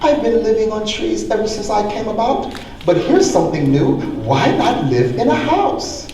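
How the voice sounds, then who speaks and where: A man's voice: sits high, big pitch swings, normal speed, dark tone, pitched above the performer's own voice. A man voicing a breezy, self-assured female songbird who moves in uninvited. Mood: chirpy. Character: chirpy, bossy female songbird. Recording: echoey hall from far off, faint noise.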